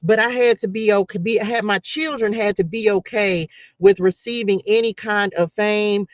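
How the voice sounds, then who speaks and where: A woman's voice: medium pitch, steady tone, moderate pace, no room sound, dull audio. Emphatic middle-aged woman on a live stream. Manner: emphatic, repetitive, preacher-like, addresses viewers as y'all. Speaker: faith livestreamer. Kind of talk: casual live-stream talk to viewers.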